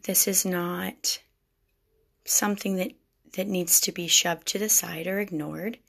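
A woman's voice: on the low side, steady tone, measured pace, vocal fry, fairly bright tone. A woman telling a personal faith story to her viewers in an earnest, confessional way. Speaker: vlogger speaking to wives.

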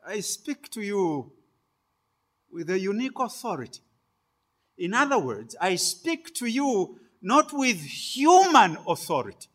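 A man preaching a sermon, delivering it phrase by phrase with sudden loud stresses on key words. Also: sits high, very animated, a little slow.

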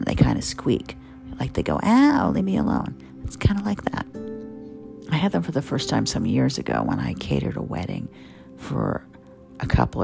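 Gravelly, animated woman hosting a cooking show. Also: rumbling low. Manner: animated, opinionated, playful asides. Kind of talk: casual chatty cooking show talk. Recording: guitar music behind the voice. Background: guitar music.

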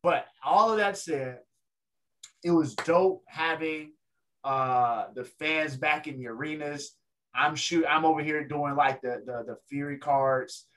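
A man's voice: fairly high pitch, measured pace. A man, a ring announcer, telling a story in a casual interview and acting out the people in it. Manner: animated storyteller, acts out other people's voices.

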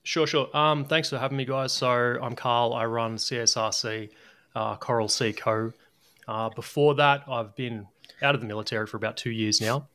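A man with an Australian accent, a guest on a casual interview, talking in a measured, hedging way. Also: medium pitch, fairly even intonation, sharp tone. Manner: measured, hedging, says "mate". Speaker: guest, former army sniper.

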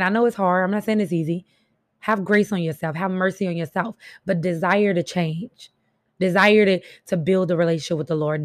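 Hoarse, winded woman preaching slowly. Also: on the low side, no echo, studio quality. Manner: slow, dragging delivery; warm pet names, addresses listeners directly. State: raspy and winded. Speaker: podcast host. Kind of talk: encouraging faith talk.

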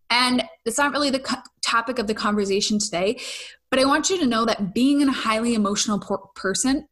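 A woman hosts a casual solo podcast in an open, emotionally expressive way. She speaks at a middling pitch, swears now and then, sighs and laughs between thoughts, and often restarts her sentences. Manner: candid, effusive, swears casually, trails off and restarts. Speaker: podcast host.

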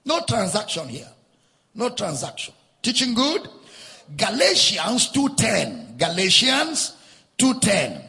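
A man's voice: sits high, wildly swooping pitch, takes it slowly, vocal fry, sharp tone, long reverb tail. A man preaching a sermon as a pastor, driving his points home with repetition and sing-song emphasis.

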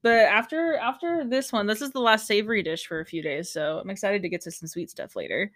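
A woman's voice: medium pitch, fairly quick, a bit bright, no echo. A young woman hosting a podcast, talking casually, frankly, and laughing often. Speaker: podcast host. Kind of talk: casual chat.

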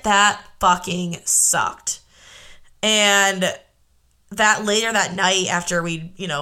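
A woman's voice: medium pitch, sharp tone. A young woman hosting a podcast, telling a personal story in a casual, candid way, swearing freely and filling her talk with "like". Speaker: podcast host. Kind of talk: confessional storytelling monologue.

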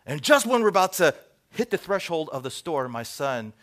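Middle-aged male pastor, lively sermon delivery, mid-high voice with wide pitch swings, quiet asides. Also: normal speed. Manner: animated storytelling, acts out dialogue, drops to soft asides.

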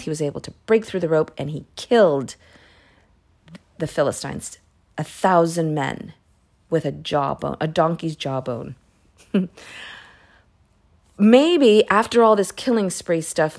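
A woman's voice: lowish voice, darkish tone. A woman casually retelling Bible stories in a chatty way, with self-corrections and side remarks. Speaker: Bible reading podcaster.

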